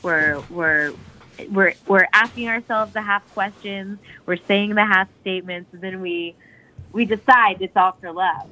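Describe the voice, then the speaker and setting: A woman's voice: mid-range voice, a little slow, pushed and bright, low-quality recording. A woman gushing about a song in casual podcast chat, rambling with lots of "like"s and restarts.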